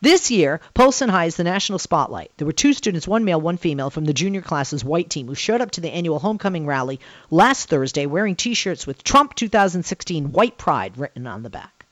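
A woman's voice: low voice, very animated, fairly quick, no room sound, muffled recording. A woman from the American South hosting a call-in radio talk show, emphatic and prone to repeating herself. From Southern United States.

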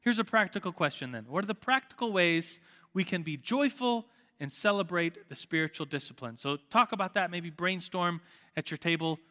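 A man's voice: high voice, animated, normal speed, sharp tone, in a large hall. A man teaching a Sunday school class in a casual, chatty way, full of "like" fillers and restarts, before leading a prayer. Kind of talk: informal church class teaching, closing in prayer. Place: church classroom or hall.

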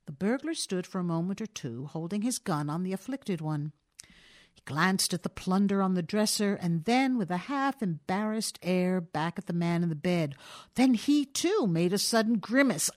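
A woman narrating a short story as an audiobook reader, telling it expressively with dramatic pauses. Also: on the low side, animated, a little mellow. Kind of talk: scripted narration.

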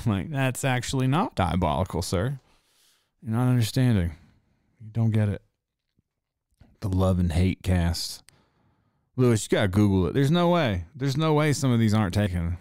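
Young male podcast host, low voice, dry close sound, rambling and profane. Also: lively intonation, normal speed, long pauses, a little mellow, no room sound. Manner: rambling, profane, laughing asides. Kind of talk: casual chat.

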